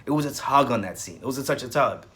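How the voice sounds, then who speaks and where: Soap review host, man, mid-range voice, animated and emphatic. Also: medium pitch, quick pace, very noisy. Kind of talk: casual review commentary.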